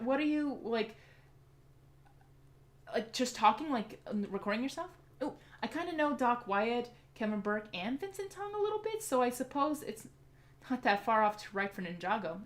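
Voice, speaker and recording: A woman hosting a casual livestream Q&A, chatty and eager as she answers viewer comments aloud. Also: on the high side. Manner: eager and excitable. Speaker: livestream host.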